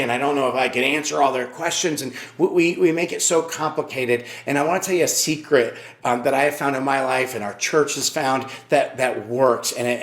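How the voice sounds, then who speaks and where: A man's voice: medium pitch, echoey room. A male pastor, likely middle-aged, preaching a sermon and telling an earnest personal story, repeating key phrases.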